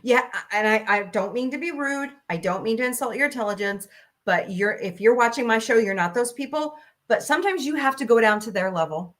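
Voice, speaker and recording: A woman's voice: on the high side, expressive, brisk, fairly bright tone. A woman in her forties hosting a casual talk stream, ranting bluntly and profanely, laughing often. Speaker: host.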